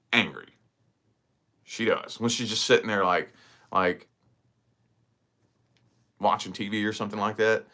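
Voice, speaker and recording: A man chatting casually to camera in his vlog, rambling and profane as he tells stories. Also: lowish voice. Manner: rambling, profane, animated storytelling. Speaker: vlogger.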